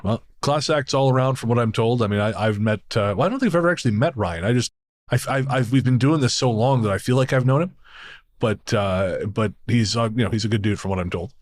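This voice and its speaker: A man's voice: mid-range voice, fast. A man co-hosting a podcast in casual chat, rambling and self-deprecating, laughing at his own stories. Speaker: podcast co-host.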